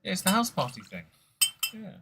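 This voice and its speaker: A man's voice: high-pitched, huge pitch swings, fairly quick, creaky, background noise. A man hosting a casual whisky tasting stream, rambling and joking with many fillers.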